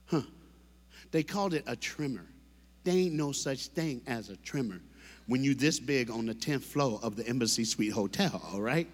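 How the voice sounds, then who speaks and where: A man, telling funny stories to a church crowd, animated, with loud bursts and acted gasps. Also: mid-range voice, moderate pace, husky. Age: 50s. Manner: animated, comic, loud bursts and gasping sound effects. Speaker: motivational speaker. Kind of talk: humorous storytelling talk to a church crowd. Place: large church hall. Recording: long hall reverb.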